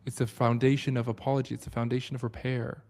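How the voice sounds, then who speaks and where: A man hosting a livestream book study, talking in an earnest, reflective way and often dropping to a soft, low voice. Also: level tone, fast.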